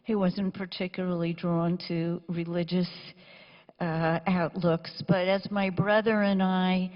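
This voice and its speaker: A woman giving a eulogy for her father, speaking quietly and breathily, close to a whisper. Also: lowish voice, little pitch movement, a little slow. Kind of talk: funeral eulogy. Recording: echoey hall, dull lo-fi sound.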